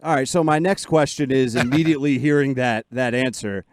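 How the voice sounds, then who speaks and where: A man's voice: medium pitch, fairly quick, no room sound, studio quality. A man co-hosting a sports radio show, asking questions in an enthusiastic, conversational way. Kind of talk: casual radio interview.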